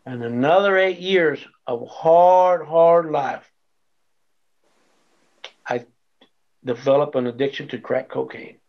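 In dull, lo-fi audio, a man of medium pitch with vocal fry shares his life testimony during an interview. He tells it with animation, performing the dialogue of the people involved.

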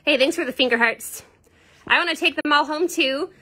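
A woman's voice: high voice, brisk, pushed and bright. A woman hosting a casual livestream from inside a cat shelter, chatty and upbeat as she reads out donations. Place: cat shelter room indoors. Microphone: phone.

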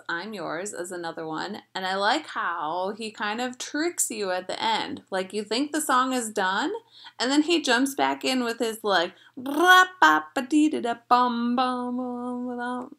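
A woman's voice: mid-range voice, expressive, unhurried, a bit bright. A woman vlogger in casual chat, gushing and chatty with lots of filler words.

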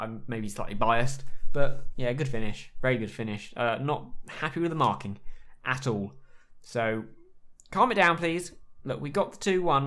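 A man casually commentating on his own football management game, chatty and quick to react to every play. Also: medium pitch. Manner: excitable, chatty, reacts aloud to the match. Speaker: gaming YouTuber playing a football management game. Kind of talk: casual live commentary on gameplay.

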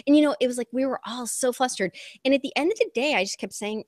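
A woman's voice: a little high, quick pace, dry recording, studio quality. A woman co-hosting a casual talk stream, telling stories and acting out other people's voices as she goes. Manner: animated, acts out voices of others mid-story. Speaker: talk show co-host. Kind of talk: casual conversation.

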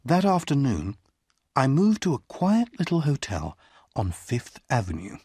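A man reading a graded short story aloud as an audiobook narrator, in a slow, deliberate way. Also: huge pitch swings, a little mellow, slightly rough, no echo, clean studio sound. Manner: slow, deliberate reading with wide swings in pitch.

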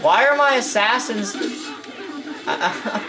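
A man's voice: high-pitched, lively intonation, takes it slowly, a crowd in the background. A young man giving casual live commentary over his gameplay. He chats loosely, says "dude" a lot, and often breaks into laughing disbelief.

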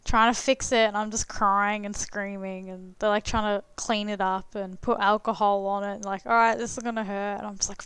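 A woman's voice: mid-range voice, level tone, normal speed, few pauses, fairly bright tone, clear, resonant tone, no room sound. A young adult woman streamer telling a story casually while playing a game, chatty and swearing freely, full of "like" fillers.

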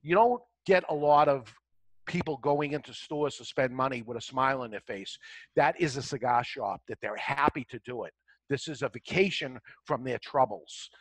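Earnest cigar retailer, dry close sound. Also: male voice, medium pitch, moderate pace, fairly bright tone, no echo. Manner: earnest, reflective, with frequent restarts. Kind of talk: conversational interview answers.

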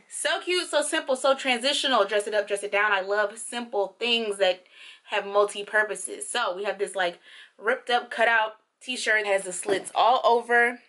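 A young woman chatting casually through a clothing try-on haul, playful and slangy, with sudden high squeals of excitement. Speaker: fashion vlogger.

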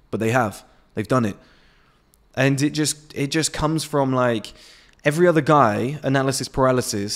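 A man in his late twenties, ranting bluntly and profanely to camera outdoors on his patio. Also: mid-range voice. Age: 20s. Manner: blunt, profane, swearing freely. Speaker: men's self-improvement vlogger. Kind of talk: unscripted motivational rant to camera.

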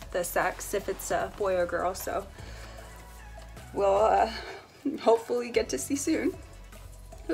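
Young female vlogger, bright and chatty, slightly high voice, faint music underneath. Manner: chatty, giggly, excited. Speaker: family vlogger. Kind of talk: casual unboxing chat.

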